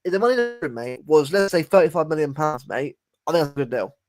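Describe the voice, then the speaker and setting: Casual podcast co-host, male, slightly higher voice, rambling and repetitive delivery. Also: sing-song, quick pace, darkish tone, soft background music. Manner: rambling, repeats words and says mate often. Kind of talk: casual football chat.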